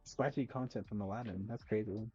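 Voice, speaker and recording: A man's voice: lowish voice, fairly quick, darkish tone, soft background music. A drunk young man co-hosting a podcast, rambling and losing his train of thought. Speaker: podcast co-host. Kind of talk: casual chat. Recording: dull lo-fi mic.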